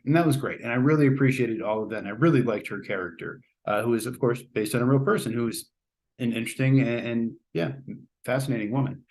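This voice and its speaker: A man's voice: medium pitch, fast, a little mellow. A man hosting a casual spoken movie review, chatty and rambling, often hedging and restarting his sentences. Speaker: host.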